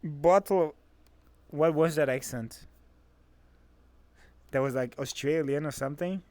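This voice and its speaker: A young-sounding man with a French accent chats in English as a second language, playful and quick to tease. His voice sits slightly high. It is recorded dry and close, with no room sound. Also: steady tone, darkish tone, no room sound. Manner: playful, teasing, laughs easily. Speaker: streamer. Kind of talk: casual chat.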